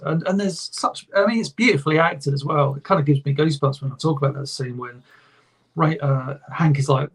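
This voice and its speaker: Brief: enthusiastic podcast host, husky, pitched a bit high. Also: male voice, steady tone, fast talker, fairly bright tone. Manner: enthusiastic, rambling, swears often. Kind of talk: casual chat.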